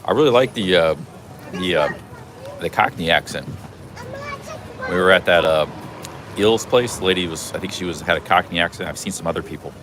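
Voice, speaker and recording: A man's voice: sits low, a little fast, long pauses, background noise. A man live-streaming a travel vlog from a busy city street outdoors, chatting in a rambling way with many restarts. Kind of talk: casual walking live stream.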